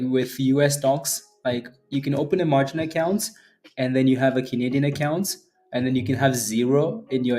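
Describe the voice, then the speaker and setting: A man's voice: mid-range voice, warm tone. A man hosting a live day trading stream, chatting casually, laughing often and answering viewers by name. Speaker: day trading livestream host.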